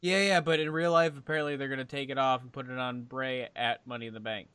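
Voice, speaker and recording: A man's voice: mid-range voice, fairly even intonation, fast talker, a bit bright, clear, resonant tone, no echo. A man co-hosting a casual chat, rambling and hesitant with many ums. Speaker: podcast co-host.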